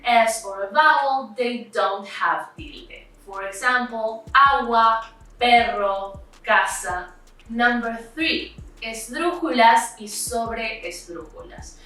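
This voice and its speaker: A woman with an Argentinian accent, a Spanish tutor giving an online language lesson and spelling out examples slowly and clearly. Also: a little high, bright, forceful tone, very echoey, recorded from a distance, rough recording.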